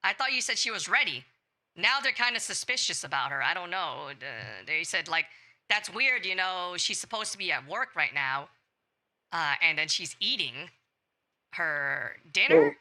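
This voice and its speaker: A man's voice: on the high side, big pitch swings, moderate pace, sharp tone, exaggerated voice. A man using a voice changer to play a hesitant, placating woman relaying messages to scammers on a scambait call.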